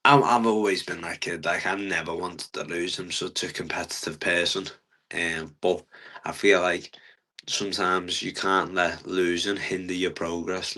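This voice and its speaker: A young man, a fighter talking earnestly in a casual interview, halting often with fillers. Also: low voice, bright, forceful tone. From England. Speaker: guest fighter.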